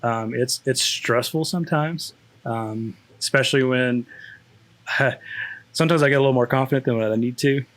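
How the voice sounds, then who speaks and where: A man's voice: mid-range voice, moderate pace, fairly bright tone. A man, a school district network specialist, chatting casually with many restarts and fillers. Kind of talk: casual chat.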